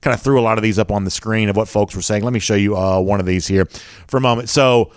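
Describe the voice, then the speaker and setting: A man's voice: lowish voice, fairly even intonation, quick pace, smooth, no echo, studio quality. A man with a Southern accent hosting a sports show, chatting casually and reading viewer comments with lots of fillers. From American South.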